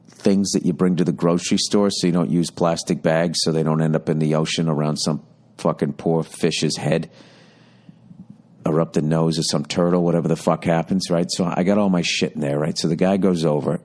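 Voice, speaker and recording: A man's voice: sits low, darkish tone. A man with a Boston accent in his fifties, hosting a podcast and telling a profane, ranting, self-mocking story. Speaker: podcast host. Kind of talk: rambling comedic storytelling.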